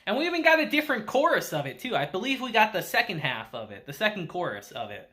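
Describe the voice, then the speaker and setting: A man's voice: high-pitched, very animated, fast, pushed and bright. A man reviewing an anime episode in a casual chat, retelling scenes with quoted lines, laughing often and swearing now and then.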